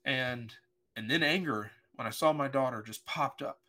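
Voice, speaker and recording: Earnest pastor, bright voice. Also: male voice, mid-range voice, moderate pace. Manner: earnest, emotional, vivid retelling with voiced quotes. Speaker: pastor, podcast guest. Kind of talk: personal storytelling in conversation.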